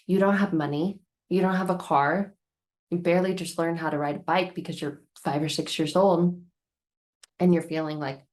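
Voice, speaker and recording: A woman hosting a self-help talk, speaking earnestly and slowing down to stress key words. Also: lowish voice, fairly even intonation. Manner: earnest, repetitive, slows down for emphasis. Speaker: self-help video host. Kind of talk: emotional storytelling monologue.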